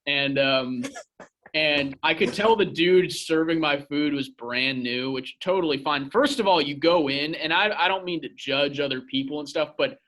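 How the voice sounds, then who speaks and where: A man's voice: a little high, moderate pace, a bit bright. A young man, a podcast co-host, telling a rambling, profane story in casual chat.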